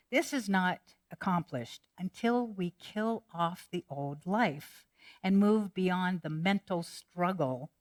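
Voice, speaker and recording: A woman pastor preaching a sermon in a lowish, unhurried voice. She speaks in measured, reflective phrases. She slips easily into playful joke-telling. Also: darkish tone.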